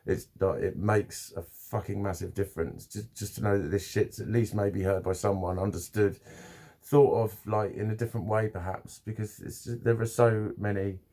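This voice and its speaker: A man's voice: lowish voice, fairly even intonation, moderate pace, mellow. Rambling, swearing man. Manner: rambling, swearing, many restarts and fillers. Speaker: vlogger. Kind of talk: casual rambling vlog to camera.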